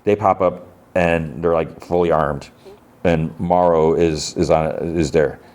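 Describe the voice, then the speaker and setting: A man's voice: rumbling low, fairly even intonation, measured pace, darkish tone. A man hosting a podcast, casually retelling a TV episode in a rambling way full of fillers and restarts. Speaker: podcast host.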